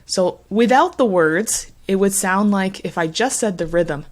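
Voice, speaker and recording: A woman teaching an English pronunciation lesson, speaking clearly and deliberately, with strong emphasis on the words she models. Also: mid-range voice, expressive.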